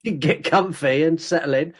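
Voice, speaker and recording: A man's voice: on the high side, a little fast. Joking man co-hosting a podcast. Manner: joking, blunt, sweary. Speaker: podcast co-host. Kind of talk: casual chat.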